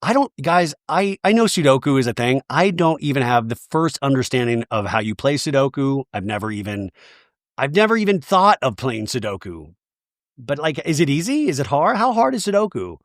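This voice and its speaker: A man's voice: mid-range voice, very animated, moderate pace, no echo, studio quality. A man hosting a podcast, giving a rambling, sarcastic, profane comedic recap of a TV episode. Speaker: podcast host.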